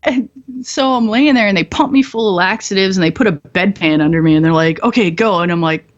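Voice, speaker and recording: A woman's voice: mid-range voice, a little fast, lo-fi sound. Blunt, profane woman telling a story. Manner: blunt, profane, laughs through dark humor. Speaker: podcast guest, combat veteran. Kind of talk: candid storytelling.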